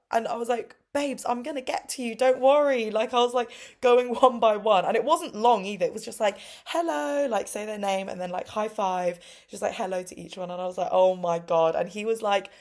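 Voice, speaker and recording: A woman in her twenties with a London accent, telling a casual storytime about teaching, full of fillers, and her pitch leaps up when she acts out quotes. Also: darkish tone. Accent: London English. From London, England. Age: 20s. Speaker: English teacher vlogger. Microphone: phone or laptop mic.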